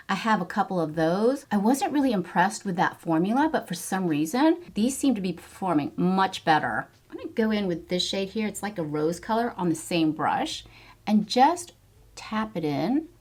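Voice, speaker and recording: A middle-aged woman chatting through a makeup tutorial, enthusiastic as she reviews each product. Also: mid-range voice. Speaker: beauty vlogger.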